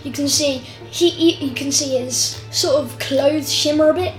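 A woman narrating as game master of a tabletop game, playful and quick to slip into character voices. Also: high voice, fairly even intonation. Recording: roomy sound with faint music.

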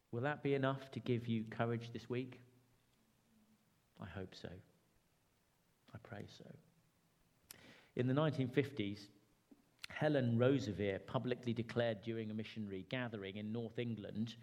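A man preaching a sermon, with dramatic rises and hushed drops. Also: mid-range voice, moderate pace.

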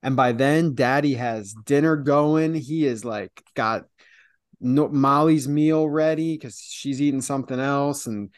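A man's voice: mid-range voice, unhurried, smooth, dry recording. A man with a mid-range voice chats on a casual podcast, teasing the others and poking fun at himself. The sound is dry and close to the mic. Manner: self-deprecating, chatty, teasing. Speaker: podcast co-host.

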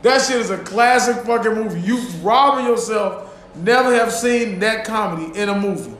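A man hosting a casual podcast chat, telling stories loudly with lots of laughing and swearing. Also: high voice, normal speed. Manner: loud, laughing, profane storytelling. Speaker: podcast host. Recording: echoey room with faint ambience.

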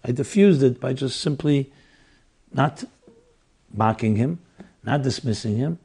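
Speaking a little slowly, a rabbi in his sixties shares a personal story during a lecture for the classes he teaches. His mid-range voice is mellow and breathy at the edges, with vocal fry, and his earnest, reflective telling often circles back to restart sentences.

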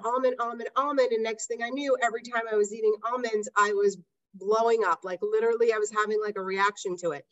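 A woman with a somewhat high voice talks casually through her personal story, stopping often to check in with the listener with a "right?". The audio is a little dull and lo-fi. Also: fairly bright tone. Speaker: podcast host and health practitioner.

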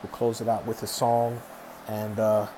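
A man's voice: fairly low pitch, monotone, measured pace, background noise. A man hosting a faith podcast, reading scripture and preaching in an earnest, heartfelt way, often repeating words.

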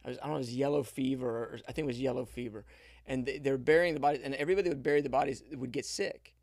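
A man with a gravelly, creaky voice retelling a faith story loosely. He keeps restarting sentences as he goes. The sound is close and dry. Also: mid-range voice, fairly even intonation, very fast, a little mellow, no echo. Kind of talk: casual faith conversation.

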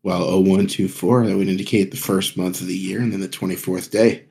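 Low mellow guy, plain matter-of-fact guest on a chill gaming podcast. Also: flat delivery, brisk, vocal fry. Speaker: guest streamer. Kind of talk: casual podcast chat.

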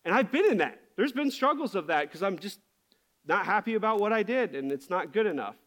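Passionate high-voiced male pastor. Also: expressive, a little fast, fairly bright tone. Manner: passionate, candid. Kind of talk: sermon.

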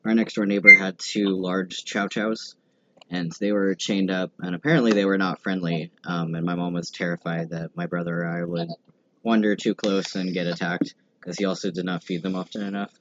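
Laid-back man with a very deep voice. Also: little pitch movement, normal speed, bright, forceful tone, slight background noise. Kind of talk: casual chat. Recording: slightly muffled audio.

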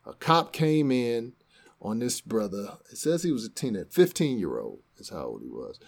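A man's voice: medium pitch, big pitch swings, normal speed, gravelly. A man co-hosting a podcast, casually retelling a news story and acting out the quotes. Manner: conversational storytelling, acts out quotes. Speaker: podcast co-host.

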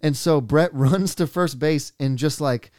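A man with a smooth, clear voice telling a story in casual chat. He laughs a lot and drops quick asides into it. The sound is dry and close. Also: a little high, darkish tone, no room sound.

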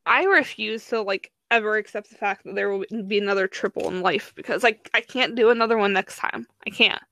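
A young woman chatting casually as a podcast co-host, full of fillers and quick restarts. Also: mid-range voice, pushed and bright, no room sound. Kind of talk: casual chat.

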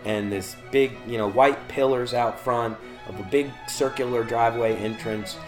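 A man's voice: medium pitch, steady tone, moderate pace, faint music behind. A man from Charleston, South Carolina, casually telling a long story about his time in rehab. He swears freely and slips into voices for the people he quotes. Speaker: guest recounting his rehab stay.

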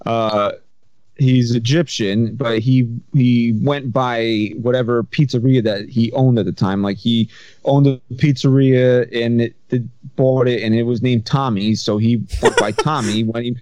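A man's voice: mid-range voice, steady tone, unhurried, darkish tone, dry recording. A man hosting a casual podcast chat, telling stories in a rambling, self-interrupting way. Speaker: podcast host. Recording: slightly dull sound.

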